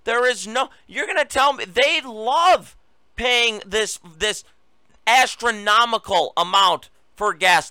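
This is a man hosting his own political show, pitched high with a bright, smooth voice. He talks in a combative, mocking way full of sarcasm. The sound is dry and close, with no room in it. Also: lively intonation, slow pace, dry recording. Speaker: political talk show host. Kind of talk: opinionated political commentary.

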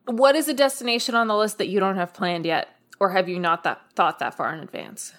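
A woman's voice: mid-range voice, a little fast, a bit bright. A woman co-hosting a podcast in casual chat, playful and joking. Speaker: podcast co-host.

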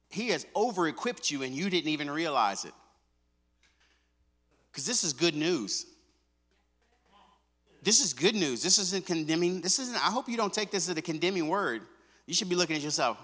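A male pastor preaching a sermon. He moves between quiet, intimate asides and loud, fervent stretches, and he repeats his phrases with a casual "man" and "come on.". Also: a little high, lively intonation, moderate pace, long pauses, in a large hall. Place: church sanctuary.

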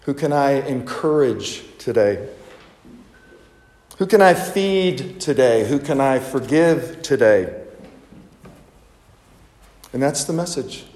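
A man gives an Easter sermon at a slow, easy pace, talking with his listeners as much as preaching at them. His voice sits at an ordinary pitch. The recording carries the roomy echo of a large church with a long reverb tail. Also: animated, a little mellow. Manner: conversational, unhurried, with rhetorical questions. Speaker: pastor. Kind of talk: Easter sermon with personal storytelling. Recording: echoey hall with long reverb.

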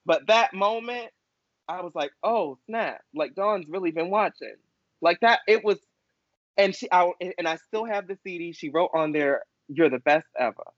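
Young male co-host, expressive and gushing, pitched a bit high, muffled dry recording. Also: normal speed, dry recording. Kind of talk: casual chat. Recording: dull dry lo-fi sound.

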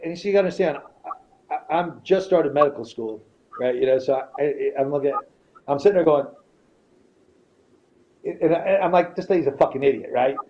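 A man's voice: a little high, moderate pace, pauses often, darkish tone, highs cut off. A man, a retired fighter, is a podcast guest telling a story casually in blunt, profane language and often repeats himself.

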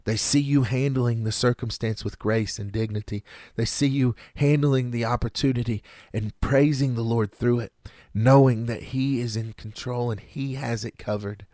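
A man preaching a sermon in an earnest, measured way, with dramatic pauses. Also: medium pitch, fairly even intonation, dark tone, no room sound, clean studio sound.

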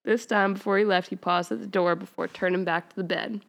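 A woman's voice: medium pitch, flat delivery, brisk, few pauses. A woman co-hosting a podcast, reading fan fiction aloud and often breaking into laughter and wry asides. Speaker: podcast co-host.

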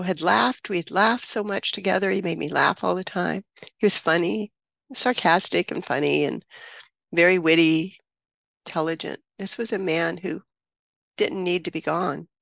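A woman in her seventies, a guest on an interview show, recounting a personal story in an earnest, reflective way with frequent pauses and restarts. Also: medium pitch, gravelly, fairly bright tone, no echo, studio quality. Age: 70s. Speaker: interview guest, birth mother and author.

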